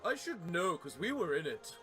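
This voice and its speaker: A man's voice: high-pitched, very animated, moderate pace, music in the background. A man voicing a laid-back, slangy surfer-dude character while reading game dialogue. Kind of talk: game dialogue read aloud by a player.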